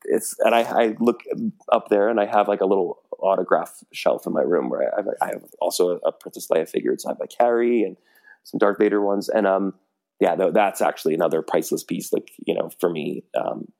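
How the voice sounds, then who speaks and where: A middle-aged man telling a personal story in casual chat, animated and laughing often. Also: deep voice, fairly quick, creaky.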